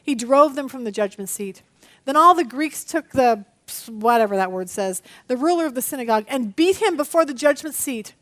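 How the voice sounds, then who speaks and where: A middle-aged woman teaching a women's Bible study, chatty and animated, telling stories against herself. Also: high-pitched, moderate pace. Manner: animated, chatty, self-deprecating storytelling.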